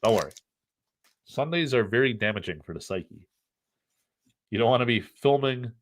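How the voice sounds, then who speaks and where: A man's voice: mid-range voice, animated, moderate pace. A middle-aged man from the United States hosting a casual live stream, joking, rambling and reading the chat aloud.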